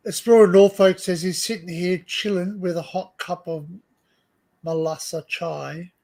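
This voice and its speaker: A man's voice: sits high, fairly even intonation, a little slow, gravelly, darkish tone. An Australian man hosting a casual livestream chat, rambling and laughing often, repeating words as he talks. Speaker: livestream host.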